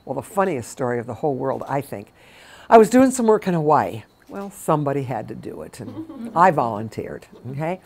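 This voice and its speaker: A middle-aged woman with a low-pitched voice speaks to a small group of caregivers. She talks in a chatty, anecdotal way, acting out the dialogue in her stories. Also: big pitch swings, fairly quick, a little mellow. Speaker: memory care consultant. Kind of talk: talk to caregivers.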